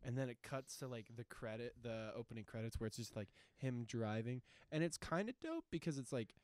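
A young man hosting a podcast, talking loosely and rambling through a film recap. He fills gaps with "like" and drops into quick acted quotes. The sound is dry and close, with no room around it. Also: medium pitch, expressive, no echo. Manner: rambling, lots of "like", acts out quotes. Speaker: podcast host. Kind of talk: casual movie chat.

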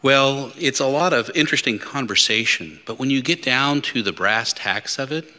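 A man's voice: medium pitch, animated, normal speed, pushed and bright. A man preaching as a deacon at a Lenten mission, talking conversationally with asides and hypothetical stories. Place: church. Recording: long church reverb.

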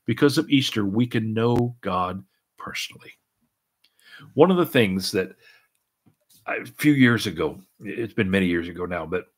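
Earnest and repetitive, a middle-aged pastor delivers a sermon packed with restarts and strings of "and, and." His voice sits at medium pitch with a slightly rough edge.

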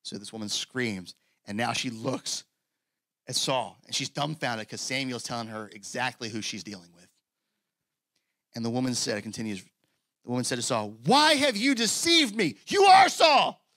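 A man preaching a sermon as pastor in an animated, conversational way, with casual asides. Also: mid-range voice, normal speed, pauses often, no room sound. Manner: acts out scripture quotes in character voices.

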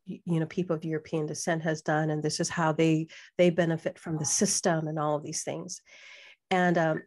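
A middle-aged woman from Hawaii, a podcast guest, telling a personal story in an animated way, acting out the voices she quotes, with frequent fillers. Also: deep voice.

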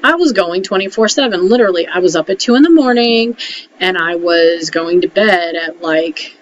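A woman talking casually to camera, giving frank advice and often checking in with a quick "okay?". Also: fairly low pitch, expressive. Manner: chatty, keeps checking in with "okay?"; frank, mildly salty. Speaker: emotional support vlogger. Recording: dull lo-fi audio with faint hiss.

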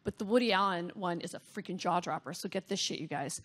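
A woman's voice: fairly low pitch, fast. A comedian in her fifties, a woman from the United States, telling a candid anecdote in an interview with blunt asides. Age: 50s. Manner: animated, gossipy storytelling with blunt asides. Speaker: comedian guest.

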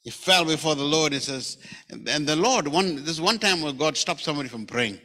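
South African male pastor, bright and slightly high voice, conversational storytelling sermon, echoing church hall. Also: expressive, a little fast. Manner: storytelling, acting out quoted lines, conversational. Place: church sanctuary. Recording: church hall with long reverb.

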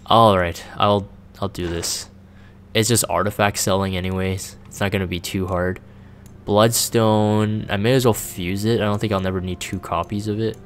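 A man's voice: on the low side, fairly even intonation, normal speed, slight background noise. A man casually chatting on a live stream, reading chat aloud and rambling with plenty of fillers. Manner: reads chat aloud, rambling and laid-back with many fillers.

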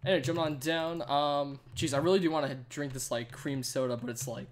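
A man's voice: a little high, fairly even intonation, a little fast. A young man streaming a game live, out of breath and chatting in a rambling way full of "like". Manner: rambling, chatty, says "like" a lot. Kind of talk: casual live stream chat.

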